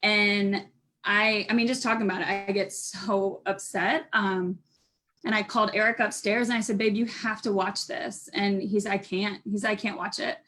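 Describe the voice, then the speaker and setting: A woman guest giving a candid personal account, emotional and halting with many restarts. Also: medium pitch, fairly even intonation, pushed and bright.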